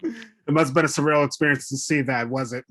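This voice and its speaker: A man with a fairly high speaking voice interviews a guest about his role. He asks his questions haltingly, full of fillers, and laughs along with the answers. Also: sing-song, fairly bright tone.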